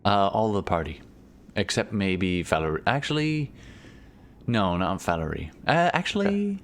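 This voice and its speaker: Deep-voiced man running a tabletop game. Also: big pitch swings, a little slow. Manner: meandering, many fillers and restarts. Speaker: game master.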